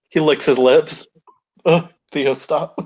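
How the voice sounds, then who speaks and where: Slow-talking man narrating a tabletop game. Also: on the high side, breathy edge, rough recording. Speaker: player. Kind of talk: tabletop role-play narration.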